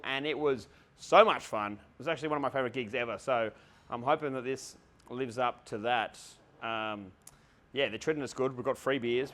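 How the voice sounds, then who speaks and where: A man's voice: medium pitch, fairly bright tone. A young adult man, a touring stand-up comedian, chatting casually and laughing often as he vlogs backstage. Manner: laid-back, swears freely, laughs often. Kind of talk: casual backstage vlog chat.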